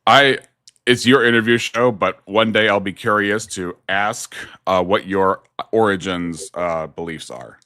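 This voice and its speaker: A man with a lowish, bright, edgy voice talks as a guest on a livestream. He debates calmly and teases the host. The recording is dry and close. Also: measured pace, no echo. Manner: calm, teasing, laughs at others. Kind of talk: casual debate chat.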